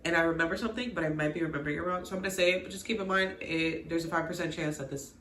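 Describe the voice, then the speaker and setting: Animated woman recapping in an echoey room. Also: fairly low pitch, racing, slight background noise. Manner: animated, exclaiming, talks to viewers as "girl" and "y'all". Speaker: recap channel host. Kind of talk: casual TV recap commentary.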